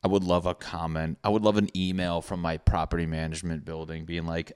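A man's voice: sits low, little pitch movement, brisk, hardly any pauses, a little mellow, clean tone, no echo, studio quality. A man hosting a casual solo podcast from his apartment, talking in a rambling, profane, jokey way and wandering off on tangents. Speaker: podcast host. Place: apartment room with thin walls.

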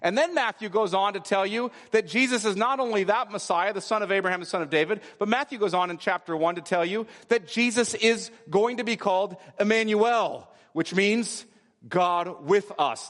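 A man's voice: high-pitched, fairly bright tone. A man preaching a sermon, explaining scripture with emphatic repetition. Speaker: pastor. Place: church sanctuary. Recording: long hall reverb.

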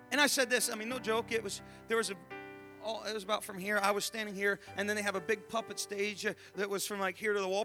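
A man in his thirties, an evangelist telling a story in a sermon. He swings from hushed asides to shouted re-enactments. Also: high-pitched. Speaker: evangelist preacher.

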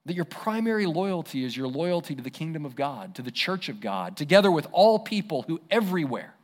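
A man's voice: fairly high pitch, very animated, a little fast. A man voicing the apostle Paul as an earnest, emphatic speaker addressing a church.

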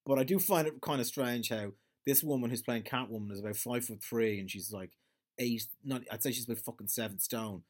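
A man's voice: mid-range voice, fairly quick. A man with an Irish accent in a casual, rambling monologue, swearing freely and trailing off as he hunts for words. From Ireland.

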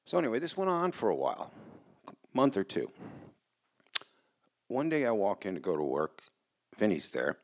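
A man's voice: fairly low pitch, wildly swooping pitch, normal speed, long pauses, a little mellow. A man telling a personal story live on stage in a casual, rambling way, swearing and restarting his sentences. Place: small hall in front of a live audience.

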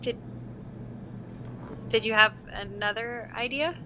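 A woman's voice: fairly high pitch, slow, sharp tone, a little hiss or hum, poor audio. A woman playing a tabletop game, speaking tentatively with many fillers. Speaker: player. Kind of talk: casual tabletop role-play.

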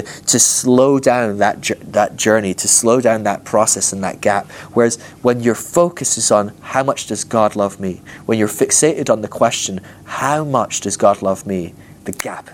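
A man with a fairly low voice teaches a ministry school class in a jokey, animated way, with a little hiss or hum in the audio. He acts out the voices of Bible characters.

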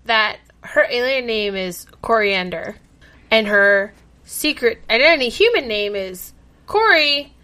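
A young woman with a bright, forceful voice pitched a little high, co-hosting a casual chat. She gets heated, swears freely and laughs often. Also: lively intonation, measured pace. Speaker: podcast co-host.

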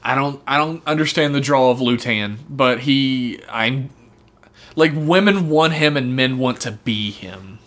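A man's voice: mid-range voice, measured pace, a bit bright. A man co-hosting a casual podcast, recapping a TV episode with sarcastic, profane commentary. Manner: profane, sarcastic, acts out characters' lines. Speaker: podcast co-host.

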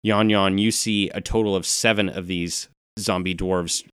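A man running a tabletop game, narrating the scene in a relaxed, easy way. His voice sits on the low side. It is recorded dry and close. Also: measured pace, clear, resonant tone, dry recording. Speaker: game master.

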